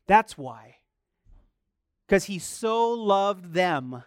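A middle-aged man, a pastor, preaching a sermon in an animated, emphatic way, mixing chatty restarts with rising bursts of force. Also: fairly high pitch, a little slow, clear, resonant tone, no echo, studio quality.

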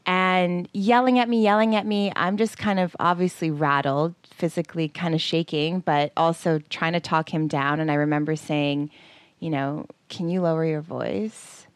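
A woman's voice: low voice, moderate pace, dry recording. A woman in her forties co-hosting a podcast, telling a personal story casually and acting out quotes with lots of fillers. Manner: animated, acts out quotes, frequent fillers. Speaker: podcast co-host.

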